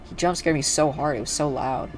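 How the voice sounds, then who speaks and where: With soft music playing behind him, a young man with a high-leaning voice talks a little fast as he streams a video game. His relaxed livestream chat rambles, full of fillers and restarts.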